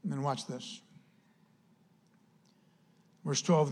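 A male pastor preaching a sermon with lively delivery, acting out quoted voices. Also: high voice, normal speed.

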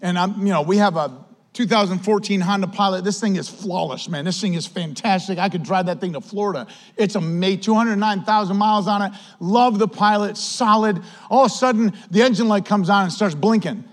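A male pastor with a Western New York accent, telling a personal story in a casual, animated sermon style. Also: high voice, fairly quick. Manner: animated, conversational, says "man" often.

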